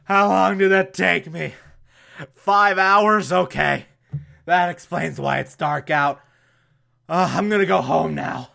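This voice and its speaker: A man playing a worn-out teenage boy after a long run, muttering breathlessly and flatly. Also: high voice, slow, creaky, pauses often, heavily acted. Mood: exhausted. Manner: breathless, flat, resigned muttering.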